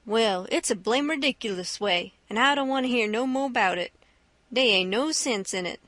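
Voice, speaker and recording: A woman's voice: on the high side, normal speed, fairly bright tone, no echo, close to an everyday voice. A woman reading the lines of a stubborn grown man who keeps insisting in an argument with a boy, in an audiobook.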